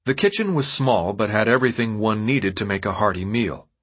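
A man narrating an audiobook in an expressive storytelling manner. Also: on the low side, brisk, husky. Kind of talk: scripted narration.

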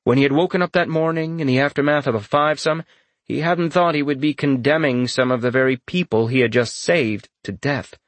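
Male audiobook narrator, fantasy story, steady storytelling read, middle pitch, dead dry sound. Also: fairly quick, no room sound. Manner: steady storytelling read with dramatic rises for quoted lines.

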